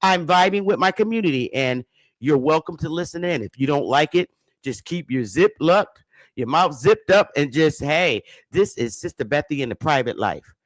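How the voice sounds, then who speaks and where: A woman from Connecticut hosting her own livestream, ranting bluntly and with plenty of profanity, swinging between loud, animated bursts and quieter, lower stretches. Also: normal speed, dry recording. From Bridgeport, Connecticut. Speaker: livestream host. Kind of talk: casual livestream rant to her audience.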